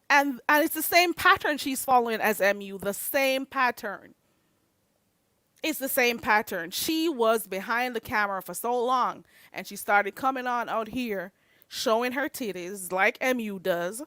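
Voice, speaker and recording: A woman's voice: a little high, fairly bright tone, no echo. A woman hosting her own channel, delivering a profane, confrontational rant at her viewers and repeating her points. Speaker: channel host.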